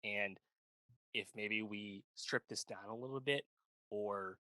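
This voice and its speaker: A man's voice: lowish voice, pushed and bright, dry recording. A man co-hosting a pop culture podcast, chatting casually and rambling, full of "like" and "you know, right?". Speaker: podcast co-host. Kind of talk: casual chat.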